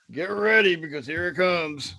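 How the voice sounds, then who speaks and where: A woman's voice: on the low side, creaky. A woman co-hosting a casual chat show, laid-back and frank, giggling as she talks. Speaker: podcast co-host.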